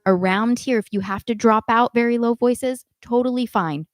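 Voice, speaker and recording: A woman teaching a live online singing class, giving calm instructions and demonstrating warmup sounds herself. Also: on the high side, moderate pace, dry recording. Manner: coaching, demonstrates vocal exercises between instructions. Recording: dry close sound with faint piano.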